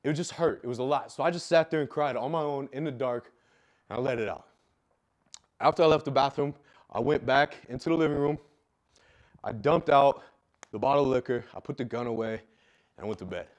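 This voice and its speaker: This young man's life story comes out raw, emotional and full of swearing, with phrases repeated for emphasis. His medium-pitched voice is fairly quick and pauses often.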